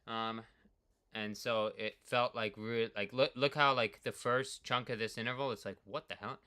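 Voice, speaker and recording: A man with a sharply bright, cutting tone talks loosely through his cycling workout numbers. He rambles, leans on filler words and swings from excited outbursts to quiet muttering at his own stats. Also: medium pitch, clear, resonant tone. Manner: excitable, peppered with "like", quick swings between hype and mutters. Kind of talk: casual rambling commentary on ride data.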